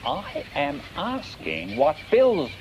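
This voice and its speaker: Gus, a grumbling boastful snail. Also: male voice, fairly high pitch, wildly swooping pitch, slow, heavily acted. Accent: Australian. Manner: grumbling, drawling, self-satisfied. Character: grumpy boastful male snail. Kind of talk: children's puppet show. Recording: muffled hissy old VHS tape.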